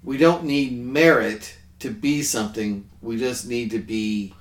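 A man's voice: medium pitch, a little slow. Chatty male podcast host, roomy sound. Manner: chatty, affirms often with "yes". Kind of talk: casual podcast discussion. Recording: roomy echo.

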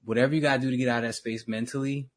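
Husky, slangy man in casual chat. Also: mid-range voice, racing. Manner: animated, slangy, trails off and restarts.

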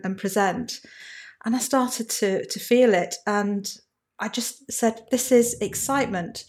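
A woman's voice: mid-range voice, a little mellow. A woman hosting an interview show, chatting openly and sharing her own stories. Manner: chatty, shares personal anecdotes. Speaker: show host. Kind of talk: conversational interview.

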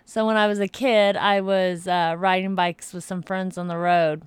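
A woman in her thirties chatting casually as co-host, relaxed and quick to laugh. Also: lowish voice, clear, resonant tone, dry recording. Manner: relaxed, laughs easily, unhurried. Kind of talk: casual chat.

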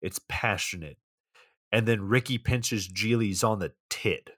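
Low-voiced deadpan young man. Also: unhurried, no echo, clean studio sound. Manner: deadpan, sardonic. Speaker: podcast co-host. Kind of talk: casual movie recap chat.

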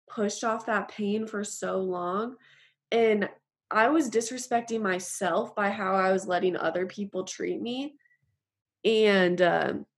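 A young woman telling an earnest personal faith story in an interview, halting often with fillers. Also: mid-range voice, vocal fry. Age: young adult. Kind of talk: personal testimony.

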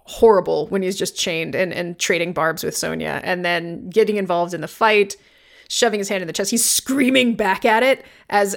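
A woman co-hosting a casual movie review podcast, talking in an animated way, quoting lines and laughing often. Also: medium pitch. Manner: animated, quotes characters in put-on voices, laughs often. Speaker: podcast co-host.

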